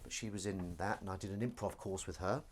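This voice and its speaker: A man's voice: deep voice, steady tone, fast, a little hiss or hum. A young man from England, chatting casually on a live stream from his kitchen and joking as he reads out viewer comments. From northern England. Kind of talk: casual live stream chat while washing up. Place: home kitchen, indoors.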